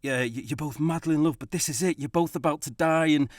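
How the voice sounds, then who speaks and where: A man, co-hosting a podcast and telling a story in a casual, animated way, swearing and laughing often. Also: a little high, fast, no room sound, studio quality. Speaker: podcast co-host.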